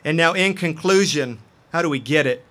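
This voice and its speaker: A man's voice: on the high side, normal speed, fairly bright tone. A man preaching a sermon as pastor, earnest and impassioned.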